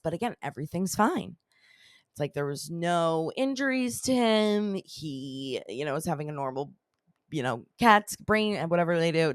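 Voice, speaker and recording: A lower-voiced woman hosting a chatty podcast tells a strange tale, meandering and filling her talk with "like" and "you know." Her voice sounds close and dry. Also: dry recording. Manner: rambling, heavy use of "like" and "you know". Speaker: podcast host. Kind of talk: casual storytelling.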